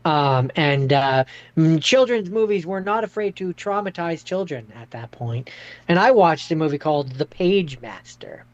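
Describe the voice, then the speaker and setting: A man in his thirties co-hosting a movie podcast, speaking in a halting way with many fillers. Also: on the high side, animated, no echo, muffled recording. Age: 30s. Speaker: podcast co-host. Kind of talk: casual movie review chat.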